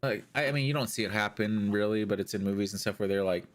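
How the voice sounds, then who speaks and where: Speaking fast in a fairly low voice, a podcast co-host retells a story during a relaxed chat. He animates it by performing the characters and their quoted lines.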